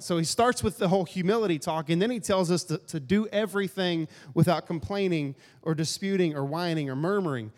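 A man's voice: high-pitched, expressive, moderate pace, darkish tone. A man preaching a casual, joking sermon and acting out grumbling asides in a church hall. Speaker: pastor. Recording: long hall reverb.

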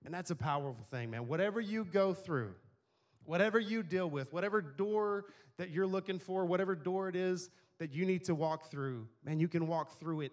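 Conversational pastor, man, higher voice. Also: moderate pace, darkish tone. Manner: conversational, asks the congregation questions. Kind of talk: sermon.

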